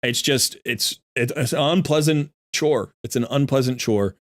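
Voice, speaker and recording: A man's voice: medium pitch, measured pace. A man streaming a game and coaching viewers, talking bluntly and emphatically and often repeating himself, sounding a bit irritated. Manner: sounds irritated while sorting gear. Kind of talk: casual livestream commentary.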